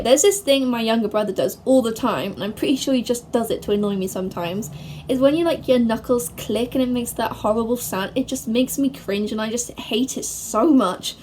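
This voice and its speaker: A woman's voice: fairly high pitch, slight background noise. Bubbly young woman vlogging. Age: young adult. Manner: chatty and bubbly, quick bursts when excited. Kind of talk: casual to-camera Q&A.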